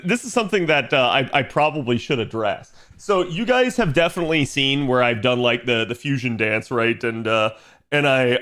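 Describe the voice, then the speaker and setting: A man's voice: mid-range voice, a bit bright. A young man streaming from home, chatting casually with his viewers in a rambling way full of fillers. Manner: rambling, filler-heavy, reads chat aloud.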